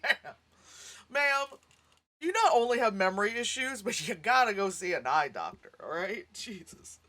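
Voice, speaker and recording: A lively woman reviewing a movie in a loose, chatty way. Her pitch swings all over as she reacts, and she laughs a lot. She swears casually and speaks frankly. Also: fairly quick. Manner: animated, laughs often, acts out sounds and lines.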